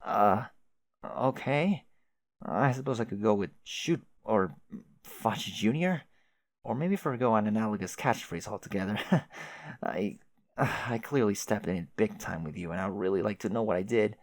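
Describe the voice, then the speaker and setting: A man's voice: lowish voice, expressive, normal speed, dry recording. Give me a man playing a chatty, clueless young adventurer with folksy sayings, recorded dry and close. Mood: apologetic. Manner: rambling, old-fashioned folksy exclamations.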